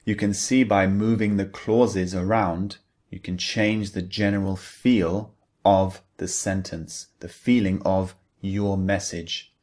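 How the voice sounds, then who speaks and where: Male English teacher, low voice, slow and deliberate explaining, scripted lesson. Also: steady tone, a little mellow.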